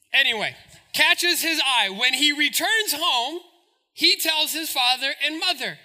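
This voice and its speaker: A pastor preaching a sermon in an animated, joking, storytelling way. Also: male voice, very high voice, a little slow.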